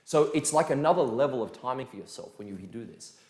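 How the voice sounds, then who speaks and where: A man teaching a dance lesson in a casual, energetic way, counting beats aloud. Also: mid-range voice, brisk. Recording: echoey room with music behind.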